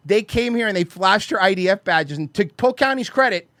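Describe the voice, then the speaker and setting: A man's voice: high voice, fairly quick, few pauses, dry recording. A man hosting a casual podcast, telling stories and swearing freely. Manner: profane, animated storyteller who acts out quotes. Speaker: podcast host.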